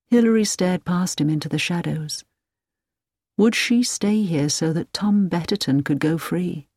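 Lady reading a story aloud, slow and lively, lowish voice, super dry close mic. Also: breathy edge, dry recording. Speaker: audiobook narrator. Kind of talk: storybook narration.

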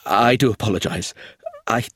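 A man voicing an emotional, excitable middle-aged man in a read story, speaking in an agitated way. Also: on the low side, normal speed, no echo, studio quality.

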